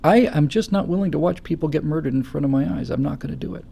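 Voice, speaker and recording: A man hosting a political talk show, giving impassioned commentary with stammering restarts that build to loud, forceful stretches. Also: on the high side, quick pace, vocal fry, breathy edge. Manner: forceful, stammering restarts, rising to near-shouting. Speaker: show host.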